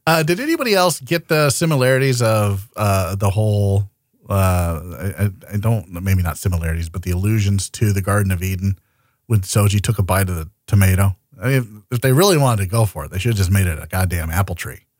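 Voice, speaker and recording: A man's voice: low voice, a little fast, dry recording, clean studio sound. A man co-hosting a casual podcast chat, joking and swearing often. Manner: profane, jokey, laughs often. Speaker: podcast co-host.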